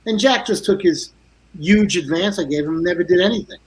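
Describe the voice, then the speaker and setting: An older man with a notably high speaking voice tells his stories with energy. He slips into other people's voices as he goes. It's a casual interview chat over a video call. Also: a little fast, rough recording. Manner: animated anecdotes full of quoted voices. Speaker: guest guitarist.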